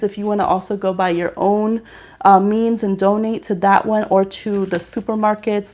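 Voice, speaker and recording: A woman's voice: medium pitch, a little mellow. A woman hosting a live-stream tarot reading, chatting casually with many fillers while she reads the chat aloud.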